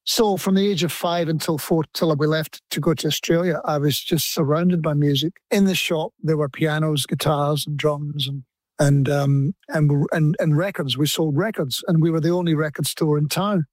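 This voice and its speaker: A man's voice: on the high side, fairly even intonation, no echo. Scottish man, musician guest, dry sound. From Scotland. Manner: reflective, halting, many restarts and fillers. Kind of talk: relaxed conversational interview.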